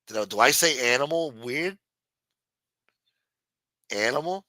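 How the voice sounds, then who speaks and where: Speaking at normal speed with a medium pitch and a sharp tone, this late-night host from New York has the local accent. He rambles and swears through a sarcastic, casual monologue, recorded with no room sound.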